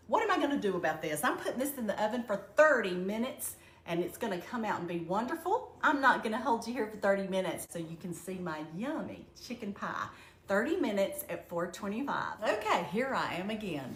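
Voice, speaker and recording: A woman's voice: mid-range voice, sing-song, brisk. An older Southern woman with a Southern American accent, chatting folksily through a home cooking demonstration. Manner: chatty, folksy, addresses viewers as y'all. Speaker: home cook. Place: home kitchen. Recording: echoey kitchen with background noise.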